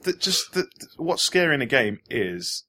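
A man's voice: medium pitch, very animated, normal speed, sharp tone, slightly rough. A man co-hosting a casual podcast chat, mixing short interjections with earnest explanations. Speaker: podcast co-host.

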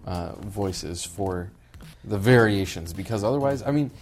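A man's voice: fairly low pitch, expressive, unhurried, a little mellow, faint music behind. A man speaking thoughtfully in a casual video game chat, often starting sentences twice.

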